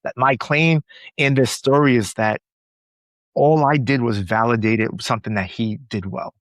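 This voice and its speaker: Man, podcast guest, lively storyteller, mid-pitched voice, dry close sound. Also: normal speed, no room sound. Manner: animated storyteller, repeats words when excited. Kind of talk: storytelling in a conversational interview.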